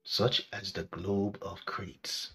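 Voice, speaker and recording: A man with a low voice reads a history lecture at a very slow pace. He draws out each phrase with deliberate pauses, like a scripted narration. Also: flat delivery, creaky, pushed and bright, faint music behind. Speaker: history presenter.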